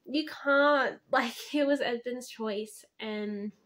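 A woman's voice: fairly high pitch, slow, fairly bright tone. A woman reviewing a book in a casual vlog, gushing and heartfelt, often using "like" as filler.

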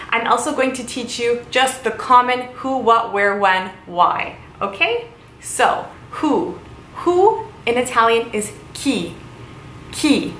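Young woman teaching words, slow and careful. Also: mid-range voice, fairly bright tone. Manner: slow, careful enunciation of foreign words, repeats each word. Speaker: language teacher, channel host. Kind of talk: casual video lesson. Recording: roomy with faint ambient noise.

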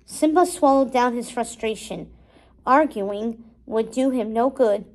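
A woman reading a storybook aloud in a steady, expressive way. Her voice is somewhat high for a woman. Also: measured pace, rough recording. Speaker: storybook reader.

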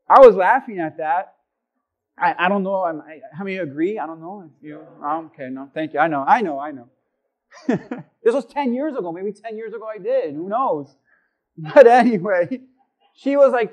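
A man preaching a sermon as a pastor, telling a personal story with lively, animated delivery. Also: high voice, low-quality recording. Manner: animated, acts out voices in anecdotes.

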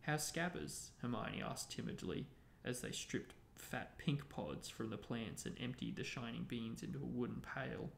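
Man reading a novel aloud, gravelly voice. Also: mid-range voice, normal speed, hardly any pauses. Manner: steady narrating. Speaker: host and book reader. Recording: echoey room, faint noise.

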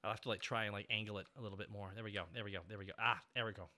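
A man in his thirties hosting a casual stream chat, excitable and prone to sudden yelps. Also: lowish voice, very fast. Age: 30s. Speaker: streamer host.

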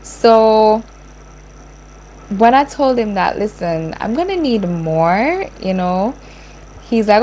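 A woman's voice: medium pitch, lively intonation, slow pace, mellow, highs cut off. A woman in her late twenties talks bluntly and frankly on a radio call-in show. A faint hiss sits behind her voice. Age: late 20s. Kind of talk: casual radio chat.

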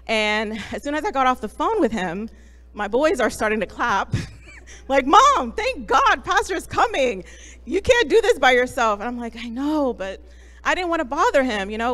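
A woman's voice: on the high side, a bit bright. A woman and mother sharing a moved personal testimony about her pastor with a congregation, telling the story with quoted voices. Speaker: church member giving a testimony. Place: church sanctuary. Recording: long reverb from a large hall.

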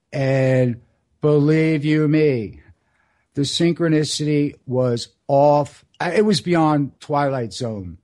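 A man in his sixties hosting a solo radio show, telling stories in a rambling, earnest way and slowing down for emphasis. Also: mid-range voice, mellow. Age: 60s. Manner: rambling, earnest storytelling with dramatic slow emphasis. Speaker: radio host.

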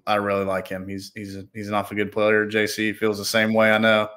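Low-voiced sports reporter. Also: male voice, monotone, quick pace, fairly bright tone. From Spartanburg County, South Carolina. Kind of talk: casual sports talk.

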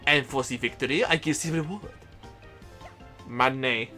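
A man's voice: medium pitch, normal speed, pushed and bright, faint music behind, natural voice. A man voicing a fussy male island guide with a put-on French accent and theatrical broken English.

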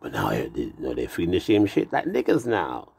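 Tipsy guy ranting, swoopy lively pitch, dark mellow tone, lots of cussing and rambling. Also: fairly quick, gravelly, husky. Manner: profane, meandering, wordplay-heavy. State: tipsy from drinking. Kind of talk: rambling casual monologue.

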